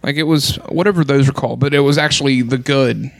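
Male co-host, relaxed and halting, mid pitch, dry close sound. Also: vocal fry, dry recording. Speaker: podcast co-host. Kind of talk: casual chat.

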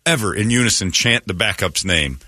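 Brash, lively morning radio host man. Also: lowish voice, a little fast, dry recording, clean studio sound. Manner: brash, jokey, slips into mock tough-guy voices.

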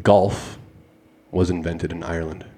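A man's voice: deep voice, unhurried. A man from Canada co-hosting a podcast, running a trivia game with friends. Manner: lively, shouts game results. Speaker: podcast co-host. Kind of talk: casual chat.

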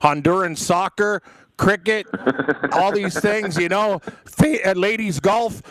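A man co-hosting a sports betting show, excitable and joking, laughing often. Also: high voice, slow, dry recording. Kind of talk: casual sports betting chat.

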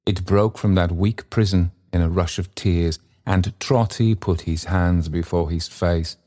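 A man narrates an audiobook in a low, deep voice. His reading is measured and unhurried. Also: fairly even intonation, dark tone.

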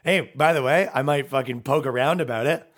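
A man's voice: mid-range voice, brisk, a bit bright. Man ranting sarcastically on a podcast. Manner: rambling, profane, sarcastic riffing. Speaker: podcast host. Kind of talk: comedic podcast rant.

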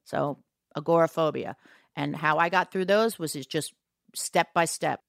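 A woman's voice: low voice, measured pace, creaky, fairly bright tone, no room sound, studio quality. A woman from New York, a singer and guest, talking frankly and reflectively in a candid conversation. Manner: frank, reflective, calls host baby.

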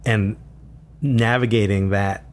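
A man being interviewed as an author, speaking reflectively and haltingly with frequent restarts. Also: on the low side, steady tone. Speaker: author guest.

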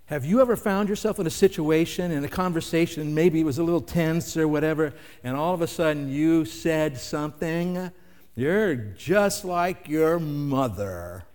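A man's voice: on the high side, steady tone, a little fast, hardly any pauses, darkish tone. An older man preaching a sermon in a conversational way, asking the listeners rhetorical questions. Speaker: pastor. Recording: long hall reverb.

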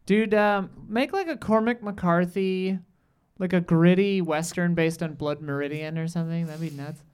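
A woman with a lowish voice, chatting as a podcast panelist. She talks with eager, slangy enthusiasm. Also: normal speed, darkish tone, smooth. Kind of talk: casual chat.

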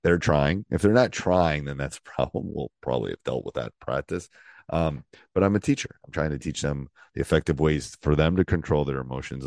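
This is casual solo podcast chatter from a middle-aged man who coaches basketball, rambling loosely and often starting over. He has a very deep, darkish voice, captured in a dry recording.

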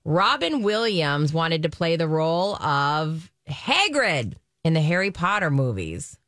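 A woman's voice: low voice, unhurried, no echo. Female radio co-host, playful and teasing, dry studio mic. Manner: playful, teasing, animated storytelling. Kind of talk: casual radio chat.

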